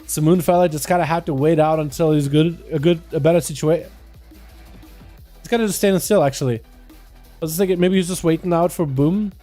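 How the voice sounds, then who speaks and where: A man's voice: a little high, dark tone, soft background music. A young man casually calling a match as a live game streamer. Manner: casual, chatty, fast play-by-play.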